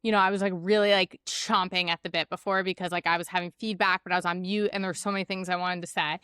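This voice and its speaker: Bright-voiced chatty woman podcast host. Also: fairly low pitch, quick pace, smooth, no echo, studio quality. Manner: animated, chatty, lots of fillers. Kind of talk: casual chat.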